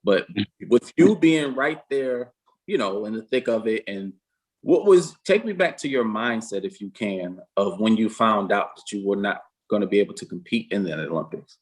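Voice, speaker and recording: Male host, low voice, calm questioner. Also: poor audio. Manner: measured, prompting questions. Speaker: interview host. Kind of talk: interview questions.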